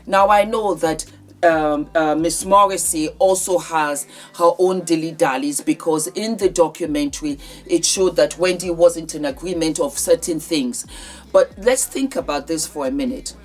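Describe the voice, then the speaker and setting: A woman's voice: low-pitched, moderate pace. A woman vlogger giving heartfelt, conversational commentary on celebrity news.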